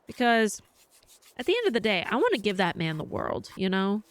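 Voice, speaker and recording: A woman's voice: mid-range voice, very animated, normal speed, dry recording. A woman live-streaming, telling a rambling story in casual chat and swearing freely.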